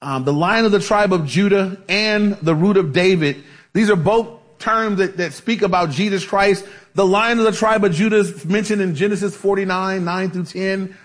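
A man's voice: high-pitched, moderate pace. A man preaching a conversational Bible-teaching sermon, casual and chatty, with frequent asides and restarts. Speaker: pastor.

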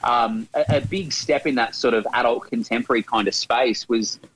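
A man's voice: mid-range voice, moderate pace, fairly bright tone, a little hiss or hum, low-quality recording. An Australian man in his thirties, a radio presenter, eagerly reminiscing in an interview and often restarting his sentences. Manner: eager, many restarts and repeated words.

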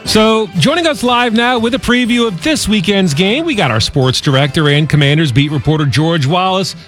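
A man's voice: high-pitched, lively intonation, normal speed, a bit bright, faint music behind. A man anchoring morning radio news, chatting and putting questions to a reporter. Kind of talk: live radio news chat.

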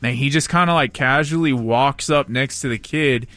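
A man's voice: mid-range voice, moderate pace, pushed and bright, no room sound. Laid-back male co-host telling rambling stories. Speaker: podcast co-host. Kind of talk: casual chat.

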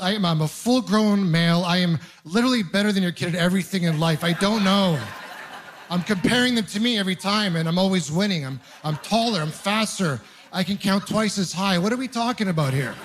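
A young man from Ontario doing a stand-up comedy set in a club, telling self-deprecating, exasperated stories with quick asides. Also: sits high, a bit bright. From Canada (Ontario). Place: comedy club stage with audience laughter.

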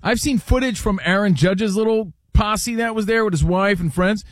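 A man co-hosting a casual sports chat, animated and teasing, getting excitable. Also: high-pitched, normal speed, dry recording. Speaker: podcast co-host.

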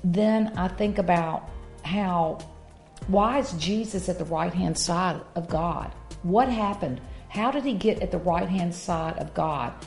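Woman co-host, earnest and halting, slightly low voice, light music underneath. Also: gravelly, darkish tone. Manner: earnest, with frequent fillers and restarts. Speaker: co-host of a Christian marriage talk. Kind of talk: casual faith-based chat.

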